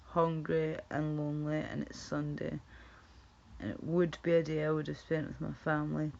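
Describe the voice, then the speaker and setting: A woman's voice: low voice, creaky, fairly bright tone. A Scottish woman chatting casually with her stream viewers, swearing and laughing as she talks. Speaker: livestreamer. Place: at home. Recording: dull lo-fi stream audio.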